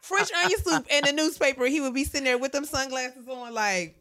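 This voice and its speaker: A woman's voice: sits high, a little fast. A woman co-hosting a podcast in casual chat, telling stories expressively with playful impressions. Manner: expressive storyteller, does playful character voices. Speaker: podcast co-host.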